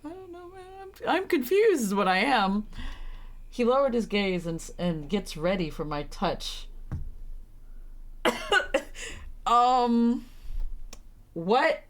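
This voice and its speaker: A woman's voice: a little high, animated, slow pace, pauses often. A young woman streaming a story game, reading lines aloud and reacting with flustered, laughing commentary.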